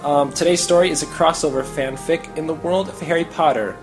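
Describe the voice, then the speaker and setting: A male podcast host with a slightly high voice, reading a story aloud for laughs. He keeps it animated, laughs often, and soft music plays faintly behind him. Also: fairly quick. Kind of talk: comedic dramatic reading.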